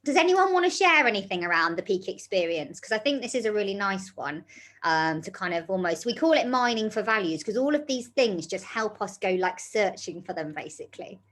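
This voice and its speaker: A woman's voice: mid-range voice, animated, brisk, fairly bright tone. A woman guiding a wellbeing group in an easy, chatty way. She encourages and reassures, and fills her talk with little fillers as she goes. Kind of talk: leading an online group session.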